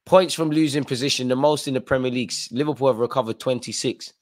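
A man hosting a live football watchalong, reacting loudly to the match with slangy banter and urging players on. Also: mid-range voice, fast. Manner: excitable, shouts at players, slangy.

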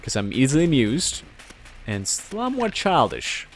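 A man's voice: medium pitch, huge pitch swings, normal speed, faint music behind. A man giving casual, rambling gameplay commentary, joking at his own expense and making sound effects. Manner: rambling, self-mocking, sound effects and joke impressions. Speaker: let's play commentator.

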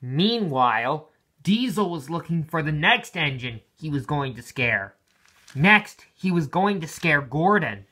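A man's voice: a little high, very animated, a little slow, sharp tone. A man casually narrating a toy-train story, correcting himself and adding playful asides.

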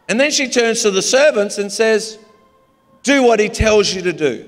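A man's voice: sits high, expressive, normal speed. A man with an Australian accent, a pastor preaching a humorous, story-filled sermon in a large church. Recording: long hall reverb.

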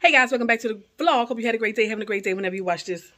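A woman's voice: fairly high pitch, very fast, a bit bright. A woman in her forties, a mother, chatting casually to viewers from her home kitchen and calling them y'all. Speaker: vlogger, mother of two. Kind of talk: casual home vlog chat.

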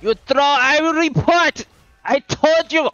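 Man putting on a shouting mock-accented angry teammate. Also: a bass voice, expressive, normal speed, dry recording, highs cut off, exaggerated voice. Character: angry male teammate shouting threats to report.

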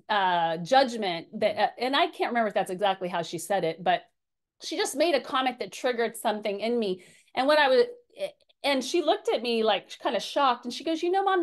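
A woman in her forties leading a parenting class Q&A, candid and story-driven, with many fillers and restarts. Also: on the high side. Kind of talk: teaching a group Q&A.

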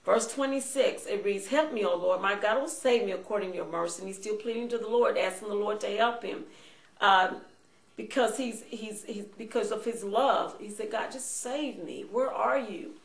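A woman's voice: mid-range voice, moderate pace, roomy sound, rough recording. A woman pastor preaching a sermon, reading scripture verses aloud and then explaining them, with frequent amens.

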